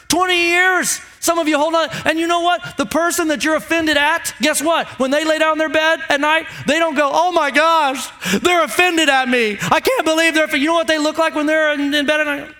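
A man's voice: extremely high pitch, fairly even intonation, a little fast, few pauses, pushed and bright. A man pastor preaching a sermon emphatically, asking the congregation rhetorical questions.

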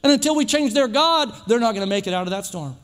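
High, bright-voiced preacher in echoey church. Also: male voice, animated, fast. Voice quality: emphatic, repetitive, builds to shouts. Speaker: pastor. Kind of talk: sermon. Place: church sanctuary.

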